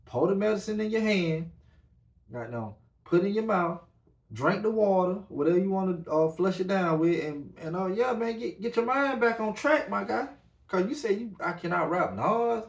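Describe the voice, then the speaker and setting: Animated man hosting a casual podcast. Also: sits high, normal speed. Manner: loose, animated, repeats "man" and "you know what I'm saying". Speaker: podcast host. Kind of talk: casual solo podcast talk.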